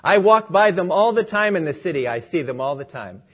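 A man's voice: on the high side, expressive, fairly quick, a bit bright, breathy edge. A male pastor opening in prayer and telling a story as he preaches a sermon.

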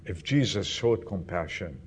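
A man preaching a sermon, swinging between loud questions to the congregation and hushed, almost whispered lines. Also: low voice, expressive, a little slow, slight background noise.

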